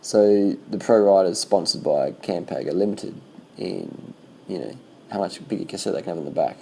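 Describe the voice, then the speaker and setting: A man casually commenting on bike race footage as a vlogger, swearing freely and talking in loose animated bursts. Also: deep voice, normal speed, vocal fry, slight background noise, low-quality recording.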